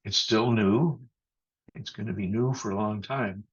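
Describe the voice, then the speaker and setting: A man preaches a sermon in a measured, thoughtful way, pausing and restarting as he goes. His voice is husky and sits a little low. The sound is muffled, as over a video call. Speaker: pastor.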